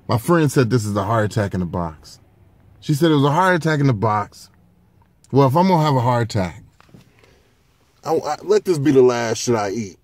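A sleep-deprived man hosting a casual food review vlog from a parked car, talking into his phone, excitable and profane as he gushes over food. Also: mid-range voice, normal speed, pauses often, no echo. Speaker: food-review vlogger, show host.

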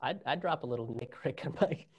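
A man's voice: medium pitch, a little mellow, breathy edge. A man doing a stand-up comedy set, sarcastic and laughing at his own jokes.

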